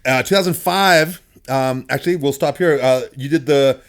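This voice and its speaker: A middle-aged man hosting a podcast, telling stories in a casual, animated way and laughing often. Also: medium pitch, moderate pace. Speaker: podcast host. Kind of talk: casual storytelling chat.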